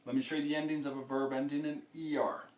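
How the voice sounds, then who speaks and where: A man's voice: on the high side, level tone, fast talker, darkish tone. A man teaching a lesson, explaining patiently step by step and often checking in with "okay?". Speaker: Spanish teacher. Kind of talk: classroom-style lesson. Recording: echoey room, mic far off.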